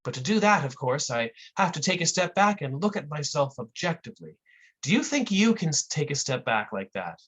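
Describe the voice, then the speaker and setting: Smug self-help lecturer, patronizing and unhurried, played by the performer. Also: mid-range voice, big pitch swings, a bit bright, husky, lo-fi sound, full character voice. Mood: condescending. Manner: slow, condescending, lecturing. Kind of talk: comic performance piece.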